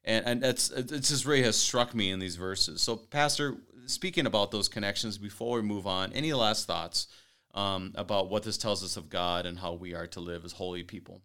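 A man hosting a Bible study radio talk, earnest and quick to laugh, reading scripture aloud. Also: fairly low pitch, bright, forceful tone, clear, resonant tone. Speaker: host.

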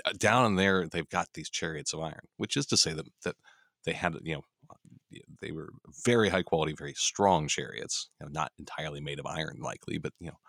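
A young adult male pastor in casual Bible study talk, animated, often acting out quoted voices with a laugh, recorded on a studio mic. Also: extremely low pitch, gravelly, dry recording. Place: radio studio.

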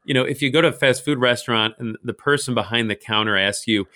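A man from St. Louis, co-hosting a casual Bible podcast, chatty and quick to laugh, with many restarts. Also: medium pitch, bright, forceful tone. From St. Louis, Missouri. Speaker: podcast co-host.

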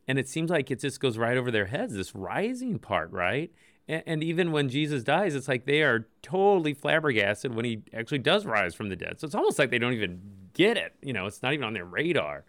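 A man's voice: medium pitch, very animated, fairly quick, a bit bright, dry recording. A man co-hosting a Bible-study radio show, talking through scripture in an easygoing way, thinking aloud. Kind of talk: conversational Bible discussion.

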